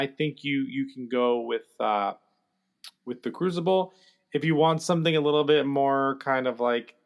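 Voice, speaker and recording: A man co-hosting a podcast in casual chat, talking in a halting way with many filler sounds. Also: on the high side, fairly bright tone, smooth. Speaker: podcast co-host.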